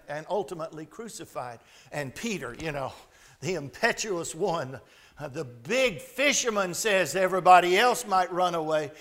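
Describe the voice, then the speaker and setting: Guy preaching, pretty high voice, acts out the bible story loud then quiet. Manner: retells scripture dramatically, swinging from loud to hushed. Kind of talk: sermon.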